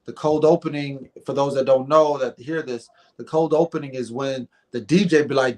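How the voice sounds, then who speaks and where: A middle-aged man telling a story in a casual interview, animated and acting out the dialogue, often repeating words. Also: medium pitch, moderate pace. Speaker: guest comedian.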